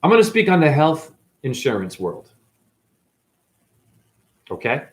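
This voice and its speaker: With a fairly high voice that swings hugely in pitch, a man from New England speaks at a measured pace. Cast as a spiritual teacher who used to dance, he wanders through a foul-mouthed monologue, alternating muttering with sudden outbursts.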